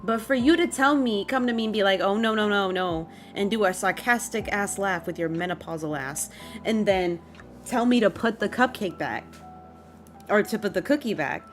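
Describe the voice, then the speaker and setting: Young adult woman, streamer, casual venting story, exasperated, animated, faint background music. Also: medium pitch, moderate pace. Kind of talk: casual storytelling rant to chat.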